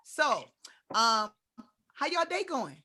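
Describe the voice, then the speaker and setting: Bright-voiced laughing woman host. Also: a little high, takes it slowly. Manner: laughing, animated storytelling. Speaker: podcast host. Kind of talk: casual chat.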